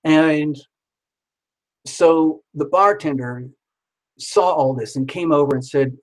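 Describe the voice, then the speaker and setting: A man's voice: a little high, slow, long pauses, rough recording. A man telling a story casually, rambling and repeating himself, with some swearing.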